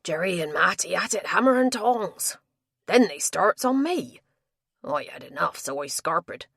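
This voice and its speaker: A woman reading a big, sulky male tavern tapster with gruff rustic dialect speech. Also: fairly low pitch, animated, measured pace, fairly bright tone, no echo, studio quality, full character voice. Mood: grumbling.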